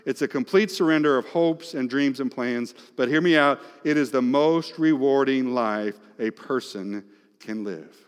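A man preaching a sermon as pastor, moving between loud, emphatic passages and hushed, near-whispered ones. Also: mid-range voice, unhurried, clear, resonant tone. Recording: long reverb of a large hall.

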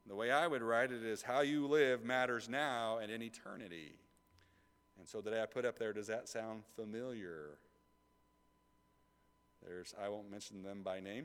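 Pastor, male, emphatic sermon delivery, bright crisp tone, reverberant sanctuary sound. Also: fairly low pitch. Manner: emphatic preaching, swings from soft asides to loud passages; asks the congregation quick rhetorical questions. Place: church sanctuary. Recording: reverberant church hall.

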